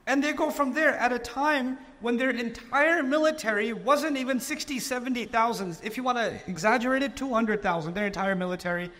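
A man's voice: very high voice, brisk, few pauses, pushed and bright. A man preaching a sermon with passionate, rhetorical repetition. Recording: long hall reverb.

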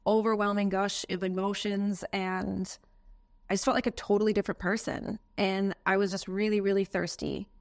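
A woman's voice: mid-range voice, little pitch movement, normal speed. An American woman in an interview, telling a personal story in an earnest, emotional way. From United States. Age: adult, has a daughter.

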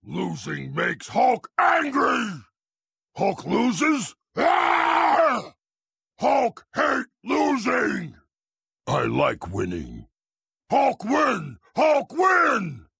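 A huge green brute full of rage for a video game, barking blunt broken third-person lines. The voice is deeply gravelly and raspy, dragging slowly through each word. It is recorded close and dry. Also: male voice, huge pitch swings, sharp tone, no room sound, full character voice. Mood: angry roaring. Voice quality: gravelly roaring voice.

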